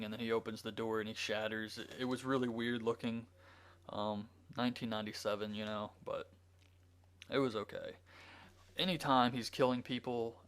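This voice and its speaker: Man casually recapping a movie plot. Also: medium pitch. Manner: rambling, with frequent ums and likes. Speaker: movie reviewer.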